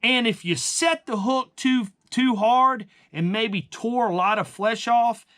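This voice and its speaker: Emphatic, blunt man with a bright voice. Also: very high-pitched, slow. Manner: addresses viewers as guys. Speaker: fishing channel host. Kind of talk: casual instructional talk.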